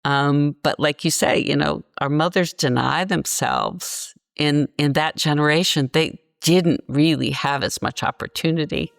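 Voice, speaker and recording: A woman in her sixties with a low voice talks in a podcast interview. She tells her stories bluntly and with passion. The sound is dry and close, with no room around it. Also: a little slow, gravelly, hardly any pauses, no room sound. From Virginia, US. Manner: passionate, blunt, animated storytelling. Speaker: guest.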